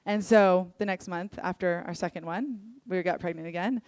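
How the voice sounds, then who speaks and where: A woman's voice: on the low side, moderate pace, smooth, no room sound. Earnest young woman giving a sermon. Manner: earnest, candid storytelling with lively acted-out quotes. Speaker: worship leader. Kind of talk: conversational sermon with personal stories.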